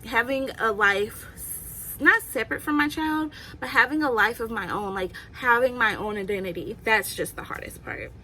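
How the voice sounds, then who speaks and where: A woman's voice: a little high, moderate pace, sharp tone, a little hiss or hum, poor audio. A young woman vlogging casually, answering questions in a chatty, candid way and laughing often. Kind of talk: casual Q&A vlog.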